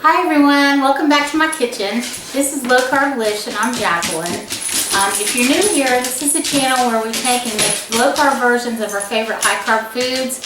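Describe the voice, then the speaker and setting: A woman's voice: a little high, moderate pace. A woman with a Southern US accent hosting a casual cooking vlog in her home kitchen, chatty and laughing at her own slip-ups. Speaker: cooking channel host. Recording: echoey kitchen, camera mic from a distance, background noise.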